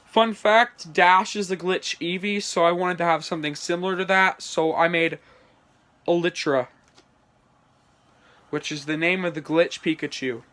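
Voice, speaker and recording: A man's voice: sits high, unhurried, fairly bright tone. A man reading his homemade story aloud, with chatty asides and small stumbles. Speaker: channel creator.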